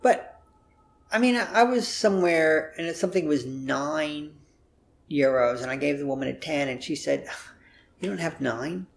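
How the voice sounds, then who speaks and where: An American man in his sixties with a wry, drawn-out storytelling manner, chatting casually as an interview guest in an apartment. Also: fairly high pitch, creaky, a little hiss or hum. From United States. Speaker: guest, humor writer. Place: apartment room.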